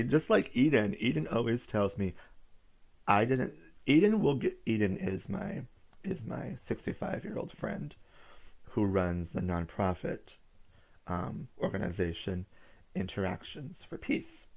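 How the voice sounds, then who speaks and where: Low-pitched male speaker for a motivational business talk, unhurried and emphatic. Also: big pitch swings, creaky, darkish tone. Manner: emphatic, repeats key phrases, tells listeners to write things down.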